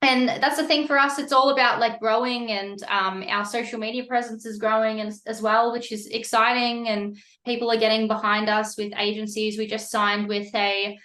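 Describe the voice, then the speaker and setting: Young aussie woman on a video call, bright voice, kinda echoey room, lots of ums. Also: fairly high pitch, level tone, normal speed, hardly any pauses. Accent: Australian. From Australia. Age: young adult. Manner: chatty, filler-heavy. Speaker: rock singer.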